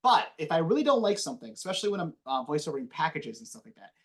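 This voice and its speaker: Animated high-voiced man lecturing a class. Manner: animated, quick, self-admitted slight mumble. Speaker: TV news anchor giving a guest lesson.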